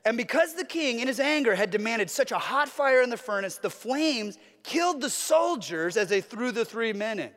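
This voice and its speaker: A man's voice: extremely high pitch, lively intonation, normal speed, hardly any pauses, a bit bright, big-room sound. A man preaching a sermon as a pastor, earnest, with a repetitive, building cadence.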